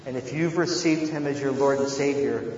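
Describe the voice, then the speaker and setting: A man preaching a sermon as a pastor, earnest, moving between hushed tones and loud emphasis. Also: mid-range voice, moderate pace. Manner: earnest, shifts from hushed to shouting. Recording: echoey hall, dull and slightly noisy.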